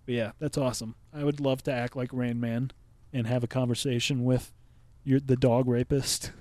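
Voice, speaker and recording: A man's voice: medium pitch, flat delivery, moderate pace, darkish tone, no echo. A man co-hosting a podcast, chatting bluntly and swearing often while he laughs. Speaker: podcast co-host. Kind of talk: casual crude podcast chat.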